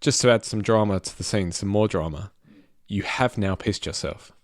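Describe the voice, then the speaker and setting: In casual comedy chat on a podcast, a co-host with a fairly low voice speaking at normal speed runs a silly game. He's giggly and bossy, laughing a lot as he directs the others.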